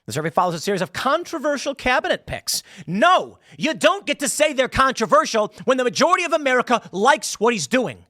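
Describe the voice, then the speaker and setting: A man's voice: very high voice, very animated, quick pace, few pauses, sharp tone, dry recording. A man hosting opinionated political commentary in a combative, sarcastic manner from a small studio.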